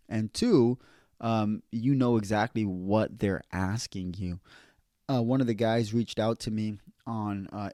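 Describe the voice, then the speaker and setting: A man who works as an electrician, giving casual, earnest advice on passing an exam, slowing down to repeat key points. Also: lowish voice, a little mellow, no room sound, studio quality. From California.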